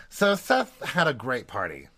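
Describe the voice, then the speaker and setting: A man hosting a casual recap podcast, summarizing in a dry, steady way with small laughs. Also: mid-range voice, measured pace. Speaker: podcast host.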